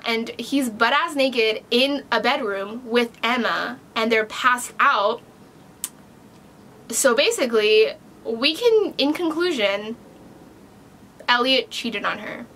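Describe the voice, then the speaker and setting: A young woman with a bright, forceful voice pitched a little high talks through a book review. She keeps it casual and animated, full of fillers and the odd swear word. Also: a little hiss or hum.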